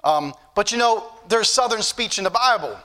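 Bright-voiced folksy preacher. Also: male voice, sits high, lively intonation, moderate pace. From northern United States. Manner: folksy, joking asides, building to emphatic preaching. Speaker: pastor. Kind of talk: sermon.

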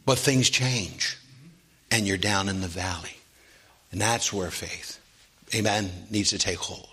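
A man preaching a sermon to a congregation, asking for amens and building from steady talk to loud, high, drawn-out preaching. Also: husky.

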